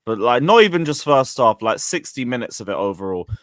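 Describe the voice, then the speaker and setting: A man's voice: medium pitch, sing-song, brisk, a bit bright, dry recording. Frank ranting man, dry sound. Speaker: football stream host. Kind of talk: casual football talk.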